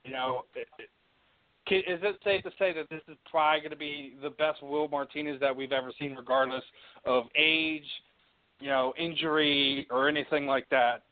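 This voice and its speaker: A man's voice: on the high side, fairly even intonation, moderate pace, no room sound. A man hosting a casual interview, rambling with many fillers and laughing easily. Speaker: podcast host. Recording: tinny phone-like line.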